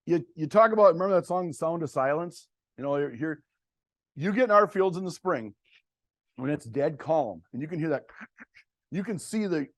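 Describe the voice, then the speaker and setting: Middle-aged guy talking cover crops to farmers, plainspoken and blunt, kinda high voice, dry room. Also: dry recording. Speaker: cover crop seed dealer presenting to farmers. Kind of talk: farm workshop presentation.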